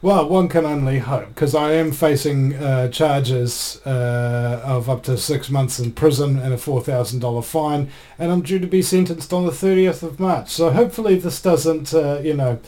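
A man's voice: medium pitch, a little slow, mellow. A man from New Zealand, a guest on a live stream, speaking with many hesitant fillers. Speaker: guest activist.

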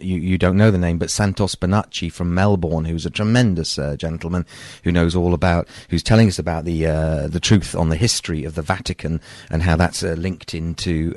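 A man hosting a casual talk show, speaking in a halting, rambling way with many pauses. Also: low-pitched, steady tone, darkish tone, no echo, clean studio sound. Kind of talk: casual radio talk chat.

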